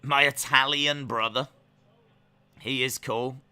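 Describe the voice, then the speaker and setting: Slow, forceful male stream host. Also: medium pitch, fairly even intonation, clear, resonant tone. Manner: mock-stern, repeats himself for comic effect. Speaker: live-stream host reacting to wrestling. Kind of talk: casual live-stream commentary.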